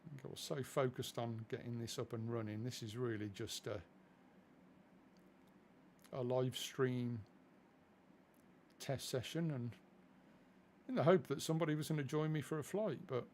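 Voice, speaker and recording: A man's voice: medium pitch, normal speed, pauses often, a little mellow, slight background noise. Chatty, easily distracted man streaming a flight sim. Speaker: streamer playing a flight simulator. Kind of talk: casual live-stream commentary.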